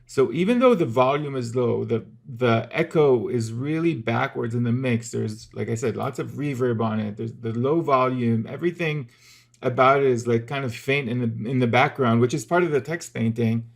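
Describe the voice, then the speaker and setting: A man's voice: medium pitch, normal speed, vocal fry. A man teaching music theory in a casual, methodical video lesson, explaining step by step with the odd filler.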